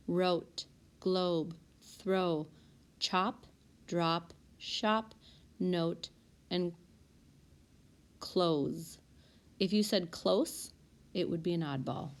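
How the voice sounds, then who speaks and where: A woman's voice: lowish voice, fairly even intonation. A woman teacher going through spelling word lists and sorting them by sound. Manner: reads word lists slowly and clearly. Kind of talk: recorded spelling lesson. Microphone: tablet.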